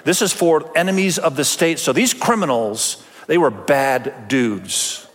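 A male pastor delivers a conversational sermon in a church, his voice sitting a bit high for a man. The long reverb of the sanctuary trails after each phrase. He slips into dramatic voices for the people he quotes. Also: expressive, a little slow.

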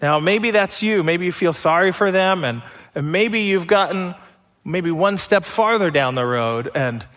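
A man's voice: high voice, animated, a little slow, fairly bright tone, in a large hall. A man preaching a sermon as pastor, conversational, with rhetorical questions.

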